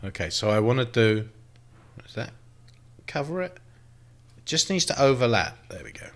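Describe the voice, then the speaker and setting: A man's voice: mid-range voice, sing-song, normal speed. A man giving casual gameplay commentary, thinking aloud and swearing freely as he plays. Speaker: let's play host.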